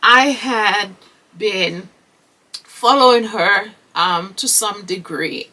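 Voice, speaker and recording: A woman's voice: lowish voice, bright, forceful tone, distant mic, rough recording. A woman hosting a solo podcast, talking earnestly and emphatically, with rhetorical questions and frequent "okay?" asides. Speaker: podcast host.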